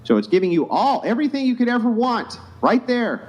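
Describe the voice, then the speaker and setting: A man's voice: extremely high pitch, very animated, brisk. A man reading Bible verses aloud and pressing his point in an insistent, lecturing debate. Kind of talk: confrontational debate.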